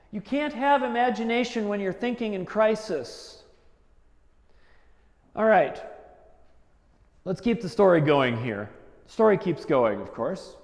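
A male pastor preaching in a conversational, animated way, acting out the voices he quotes. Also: high-pitched, roomy sound, in a large hall. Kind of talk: sermon.

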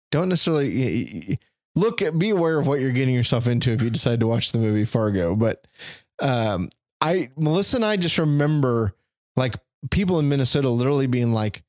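A man's voice: medium pitch, no echo. Reflective middle-aged man, dry close mic. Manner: reflective, thorough, self-deprecating. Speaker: podcast guest. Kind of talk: casual conversational interview.

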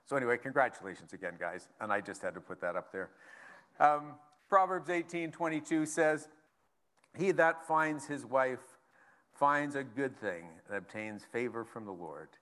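A man's voice: mid-range voice, moderate pace, a bit bright. A man preaching a sermon as pastor, casual and conversational, reading scripture aloud between asides.

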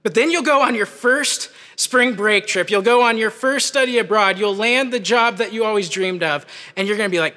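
Young male campus preacher, high, bright, animated sermon, hall reverb. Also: normal speed, hardly any pauses. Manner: animated, conversational, shouts at peaks.

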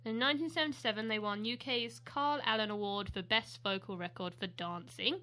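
Giggly British woman, bright voice. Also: medium pitch, a little fast. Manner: giggly, chatty, rambling. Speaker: podcast co-host. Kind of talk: casual chat.

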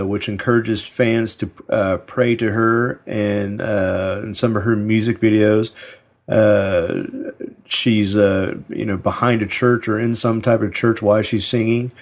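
A man's voice: on the low side, little pitch movement, measured pace. A man co-hosting a podcast, reading a news story aloud in a casual chat with many fillers and dry asides. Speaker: podcast co-host.

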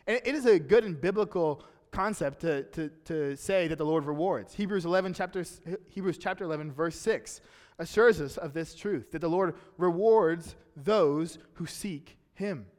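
A young man preaching an earnest sermon, often dropping soft and low at the end of a phrase. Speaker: pastor. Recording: long hall reverb.

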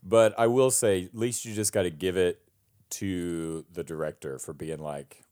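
A man's voice: deep voice, fairly even intonation, a little slow, darkish tone. A man on a headset mic, telling a rambling, self-deprecating story in casual chat and laughing often.

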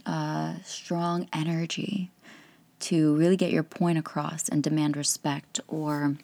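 A woman in her thirties talks through parenting advice in a candid, chatty podcast monologue. Her voice sits on the low side with a gravelly edge, and she laughs often. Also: a little mellow. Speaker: podcast host and life coach.

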